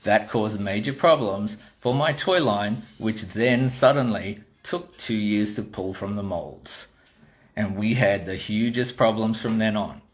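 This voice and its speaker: A man's voice: fairly low pitch, a little slow. Blunt Australian man telling a story. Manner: blunt and swearing, animated retelling with quoted dialogue. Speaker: toy designer. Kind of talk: casual storytelling monologue.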